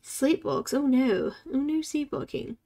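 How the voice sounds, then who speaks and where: A woman in her forties speaks in a high-pitched, gravelly, mellow voice with lively intonation and a measured pace. Hosting a live coloring stream, she chats casually, talks to herself and greets viewers by name.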